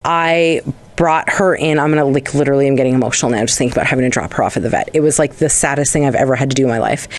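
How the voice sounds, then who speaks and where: A woman's voice: rumbling low, very fast, hardly any pauses. A young adult woman, co-hosting a casual podcast chat, rambling through stories and swearing freely. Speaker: podcast co-host.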